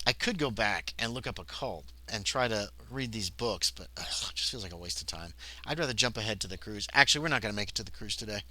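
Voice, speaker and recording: Bright, lively man reading a solo game. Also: fairly low pitch, fast talker. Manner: reads game text aloud, then chats casually to himself and chat. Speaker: solo game player, streamer. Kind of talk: livestream of a solo tabletop game.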